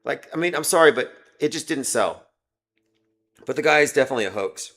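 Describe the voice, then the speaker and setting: A man's voice: mid-range voice, expressive, brisk, fairly bright tone. Rambling sarcastic man hosting a livestream. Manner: rambling, sarcastic, reads viewer comments aloud. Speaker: livestream host. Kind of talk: casual livestream commentary.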